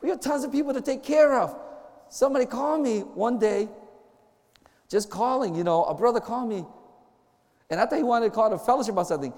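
Man, high voice, campus minister, chatty joking sermon, acts out dialogues, long hall reverb. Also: expressive, fast, darkish tone. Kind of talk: informal sermon to a group.

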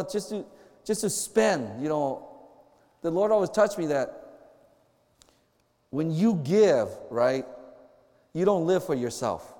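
A man with a high voice preaches to a group in a casual, joking way, acting out quick back-and-forth conversations. His voice rings with the long reverb of a large hall. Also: a little mellow. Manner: chatty, joking, acts out little dialogues. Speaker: campus minister. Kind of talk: informal sermon to a group.

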